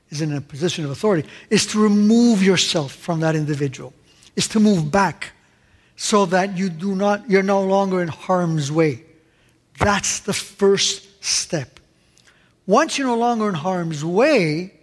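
Guy preaching a sermon, high voice, keeps asking the room questions, big hall echo. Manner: animated, rhetorical asides asking the audience. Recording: long hall reverb.

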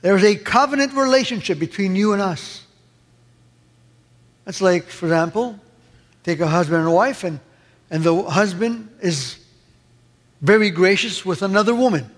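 A man's voice: high-pitched, moderate pace, pauses often, long reverb tail. A man preaching a sermon with passion, acting out the voices he quotes. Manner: impassioned, acts out quoted voices.

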